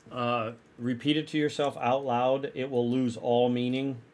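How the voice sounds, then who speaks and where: A man's voice: mid-range voice, flat delivery, a little slow, hardly any pauses, darkish tone. A man streaming live, chatting casually with his viewers in a rambling way and often restarting his sentences. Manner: rambling, self-correcting, chatty.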